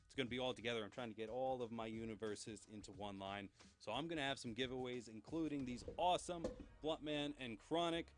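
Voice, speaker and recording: A man's voice: medium pitch, fairly quick, soft background music. Chatty enthusiastic male host. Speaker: host of a pop culture news show. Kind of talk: casual solo show.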